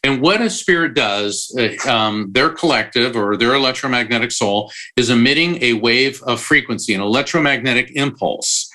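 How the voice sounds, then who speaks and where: A man's voice: medium pitch, moderate pace, few pauses, pushed and bright. A man who works as a psychic medium, giving an interview guest's long explanations full of analogies and the odd digression. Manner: explains at length with analogies, prone to digressions and restarts.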